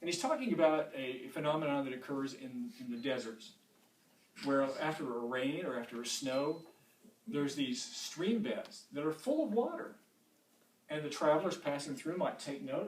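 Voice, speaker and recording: Distant, echoey Bible teacher. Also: male voice, on the high side, animated, moderate pace, a little hiss or hum. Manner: conversational, repeats words when restarting. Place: church room. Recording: echoey room from far off.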